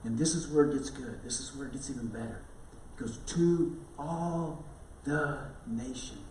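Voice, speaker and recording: A man's voice: medium pitch, steady tone, quick pace, dark tone, slight background noise. A man preaching an Easter sermon to his congregation in a conversational, storytelling way, with frequent asides to the listeners. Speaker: pastor. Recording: roomy echo, mic at a distance.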